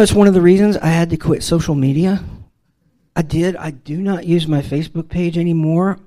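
A man's voice: sits high, dark tone. Wry middle-aged man storytelling. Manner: wry, self-deprecating, conversational with frequent restarts. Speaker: father telling a personal story. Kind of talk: casual storytelling monologue.

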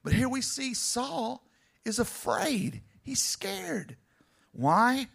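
A man's voice: very high-pitched, sing-song, drawn-out words, vocal fry, husky. A male preacher delivering a dramatic sermon and speaking straight to his congregation. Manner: dramatic, builds to near shouting, speaks to the congregation directly. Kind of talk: animated sermon.

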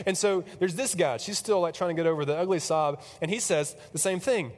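A man preaching in a casual, animated storytelling style, chatty and full of fillers, who acts out the people in his story. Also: high voice, a little fast, hardly any pauses. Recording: long hall reverb.

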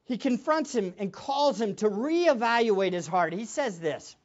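A man's voice: sits high, lively intonation, a little slow, highs cut off. A man preaching a sermon as a pastor, emphatic, with much repetition for stress.

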